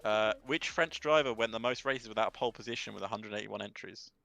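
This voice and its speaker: A male esports commentator calling a race in quick play-by-play. His voice is bright and crisp and sits a little high. The sound is close and dry, with no room around it. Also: dry recording, lo-fi sound, faint music behind. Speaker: sim racing lead commentator.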